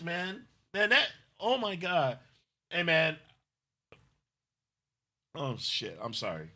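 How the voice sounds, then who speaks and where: A middle-aged man co-hosting a livestream in loose, rambling chat. His voice is very bright and forward. He gushes openly when he thanks viewers. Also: fairly high pitch, wildly swooping pitch, slow, pauses often. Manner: effusive, rambling, emotional thanks. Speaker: livestream co-host.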